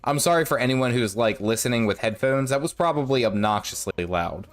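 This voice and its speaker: A man chatting his way through a game stream with a lively, bouncing pitch. His throat is sore and his voice cracks now and then, and he rambles, restarts sentences and hums little nonsense tunes to himself. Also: a little fast. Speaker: gaming streamer. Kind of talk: casual live-stream commentary while playing.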